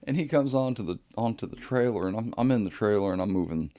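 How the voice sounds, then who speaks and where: A man's voice: fairly low pitch, expressive, quick pace, warm tone. A man hosting a podcast, telling a casual story in an easygoing way and chuckling often. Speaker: podcast host.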